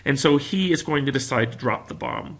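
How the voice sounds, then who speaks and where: Bright-voiced American man lecturing history. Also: mid-range voice, brisk. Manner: animated storytelling, acts out quotes. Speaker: history teacher.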